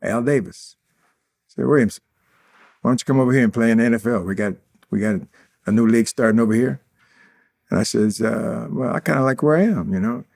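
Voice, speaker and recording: Older man from Indiana, 80s, interview guest: swaggering storyteller, mid-pitched, plays every part in his own tales. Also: a little fast, gravelly, pauses often, a little mellow. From Indiana, USA. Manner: boastful, acts out quoted dialogue.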